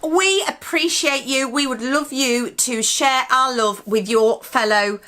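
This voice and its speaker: A woman's voice: high-pitched, slow pace, sharp tone. A middle-aged woman co-hosting a casual advice chat, down-to-earth and reassuring. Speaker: co-host giving advice.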